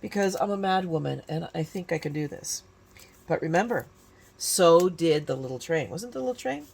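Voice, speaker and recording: A woman's voice: fairly low pitch, expressive, moderate pace, gravelly, darkish tone, a little hiss or hum. A woman in her fifties from California, chatting through a crafting tutorial with lots of restarts and self-mocking asides. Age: 50s. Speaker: crafting YouTuber. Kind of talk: casual crafting tutorial chat.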